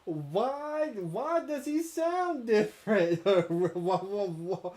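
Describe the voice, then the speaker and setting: A man's voice: sits high, expressive, very slow, hardly any pauses, a little mellow. A man hosting a casual commentary stream, reading chat comments aloud with stammering repeats, chuckles and incredulous questions.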